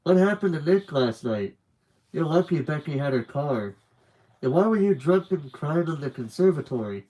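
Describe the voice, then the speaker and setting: A man's voice: on the high side, lively intonation, normal speed, dark tone, pitched above the performer's own voice, close to an everyday voice, low-quality recording. A man voicing a sarcastic teenage girl, a blunt older sister, during a live book reading, asking dry questions in a slightly raised voice. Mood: concerned.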